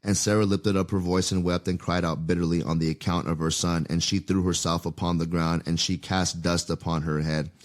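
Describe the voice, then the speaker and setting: A man's voice: sits low, flat delivery, fairly quick, hardly any pauses. A man hosting a podcast, reading scripture aloud and stopping to think aloud about it in a loose, conversational way. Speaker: podcast host.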